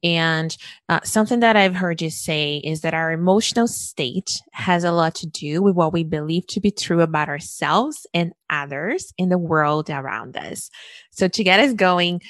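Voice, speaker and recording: A woman's voice: lowish voice, moderate pace, fairly bright tone, no echo, clean studio sound. A woman hosting a podcast, enthusiastic and affirming as she responds to her guest. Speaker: podcast host. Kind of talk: podcast interview and ad read.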